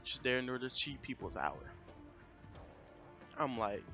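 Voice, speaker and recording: Young american streamer rambling thru a story, keeps repeating himself, music loud-ish behind. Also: male voice, mid-range voice, lively intonation, a little slow, pauses often. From United States. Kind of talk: casual storytelling.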